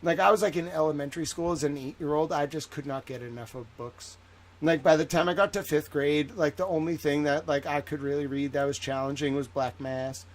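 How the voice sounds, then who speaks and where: A livestream host with a slightly high, fairly even voice talks fairly quickly. His casual chat is rambling and profane, packed with fillers, especially "like."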